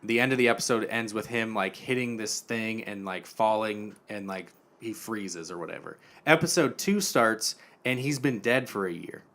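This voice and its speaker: Retelling a TV episode in a relaxed podcast chat, this young co-host voices the characters' lines quietly. He speaks in a lowish voice at a moderate pace with few pauses.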